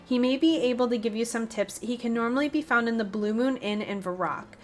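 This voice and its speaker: A woman's voice: fairly high pitch, a little fast, close to an everyday voice. A woman voicing a worried male villager, reading his lines earnestly in a near-plain voice. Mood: pleading.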